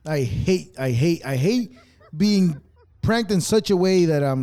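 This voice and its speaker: Animated, swearing male podcast host. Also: high voice, measured pace. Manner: profane, sarcastic, animated ranting. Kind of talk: casual ranting commentary.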